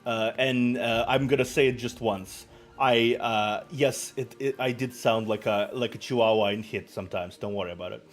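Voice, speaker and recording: A man's voice: medium pitch, fairly even intonation, normal speed, faint music behind. A young man, hosting a casual chat stream, laughing often and trailing off mid-sentence. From Russia. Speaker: streamer host.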